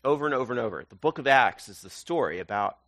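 Animated man preaching a sermon. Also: mid-range voice, fast talker, no echo. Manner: animated storytelling, acts out voices. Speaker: pastor.

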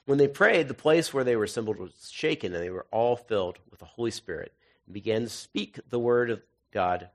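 A man's voice: mid-range voice, vocal fry. Male pastor, easygoing joking sermon, mid-range voice, reads scripture then riffs casually. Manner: jokey, conversational asides between readings.

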